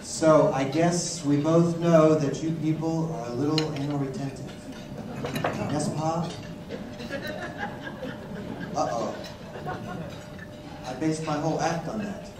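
A man's voice: a little high, slow, long pauses. A man performing a stand-up comedy routine, teasing the audience. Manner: teasing, mock-accusing the audience. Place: large conference hall. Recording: echoey hall, distant mic, noisy.

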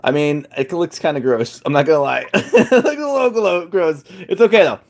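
A man with a higher-pitched voice talks at a moderate pace and with plenty of animation. He hosts a cooking challenge from his home kitchen, joking casually with a live audience in a chatty, self-deprecating way.

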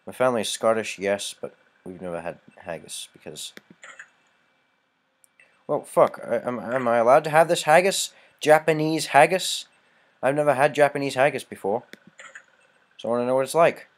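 A man from Canada commenting on a game, sarcastic and profane, shouting in frustrated bursts. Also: mid-range voice, animated, moderate pace, long pauses. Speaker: let's play host. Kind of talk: gameplay commentary.

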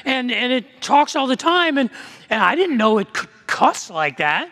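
A man's voice: extremely high pitch, big pitch swings, a little slow, pushed and bright, full character voice. A man doing a mild young preacher. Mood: flustered. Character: young male preacher, easygoing and amused.

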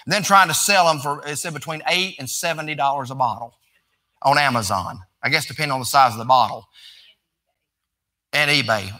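Bright-voiced pastor preaching folksy. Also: male voice, mid-range voice, brisk. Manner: conversational, folksy, rising to emphatic preaching. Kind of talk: folksy sermon.

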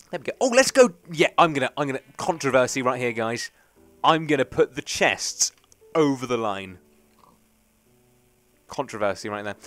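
A man's voice: medium pitch, fairly bright tone. A young man rambling chattily through let's play commentary, often poking fun at himself. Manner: rambling, chatty, self-mocking. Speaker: gaming channel host.

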